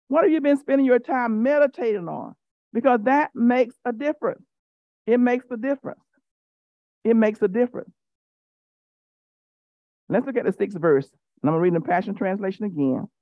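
A woman's voice: fairly high pitch, dry recording, dull audio. A woman giving a sermon as a Bible teacher, emphatic and repetitive, teasing her listeners directly. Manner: emphatic, repeats key phrases.

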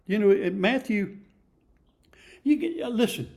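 A man's voice: sits high, slow pace, pauses often, darkish tone. A man in his seventies preaching a sermon in a folksy, emphatic storytelling manner, often repeating himself. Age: 70s.

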